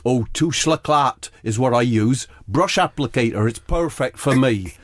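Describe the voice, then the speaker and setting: A man's voice: mid-range voice, expressive, unhurried, no room sound, clean studio sound. A man voicing a chatty young footballer who talks about makeup in a breezy, matter-of-fact way.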